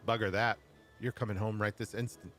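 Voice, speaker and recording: A man's voice: fairly low pitch, flat delivery, brisk, fairly bright tone, soft background music, close to an everyday voice. A man voicing a stern, scolding middle-aged mother in a video game, with an attempted Irish accent and a blunt manner.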